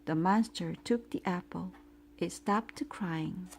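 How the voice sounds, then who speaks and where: A woman narrating a bedtime story in a clear, storytelling manner. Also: lowish voice, slow, a little mellow, slight background noise.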